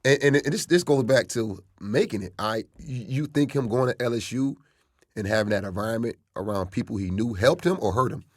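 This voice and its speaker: A man's voice: mid-range voice, a little fast, dry recording, clean studio sound. A man who is a guest on a casual podcast, often cutting in with pointed questions. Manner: interjecting, asks pointed questions.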